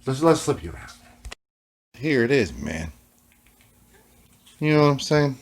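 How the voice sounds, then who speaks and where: Laid-back male vlogger, rambling yarn-spinner, swears freely, drops "man" into every line, swings from loud to hushed. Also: mid-range voice, big pitch swings, a little slow, long pauses. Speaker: guitar vlogger. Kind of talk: rambling casual storytelling.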